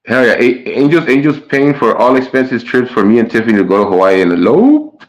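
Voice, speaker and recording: A man's voice: mid-range voice, big pitch swings, brisk, poor audio. A man streaming live and chatting casually with his viewers, stumbling over his words and trading sarcastic jabs with chatters.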